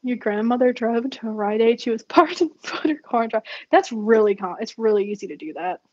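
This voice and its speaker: Casting: rambling, laugh-prone woman vlogger, higher voice, dull lo-fi sound. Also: animated, fairly quick, dry recording. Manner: rambling, laughs often, many fillers. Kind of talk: casual storytelling while journaling. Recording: dull dry lo-fi recording.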